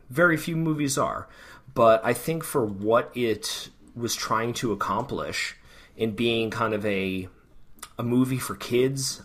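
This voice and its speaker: A man with a slightly low voice offers a balanced, hedging take in a casual podcast chat. He talks steadily, padding his points with ums and you-knows. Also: a bit bright. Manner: measured, hedging, filler-heavy. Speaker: podcast host.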